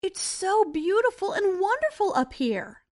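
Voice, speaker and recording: A woman voicing an eager, polite young village boy in a storybook reading, talking in an excited way. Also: extremely high pitch, measured pace, no echo, studio quality, voice pushed up, heavily acted.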